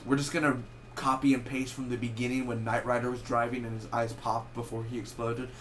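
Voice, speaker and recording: With a faint hiss or hum in the audio, a young man of medium pitch gives an informal spoken review of a movie. He rambles, catches and corrects himself, and keeps things lively with fast asides.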